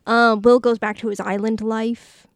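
A woman's voice: on the high side, flat delivery, moderate pace, no echo. A woman co-hosting a podcast, recapping a movie in casual chat and doing playful voices for the characters. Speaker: podcast co-host.

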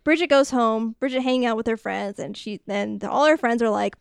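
A woman co-hosting a podcast, casually recapping a film with quick mock voices for its characters. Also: on the high side, steady tone, gravelly, clean tone, dry recording, studio quality. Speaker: podcast co-host. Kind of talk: casual movie recap chat.

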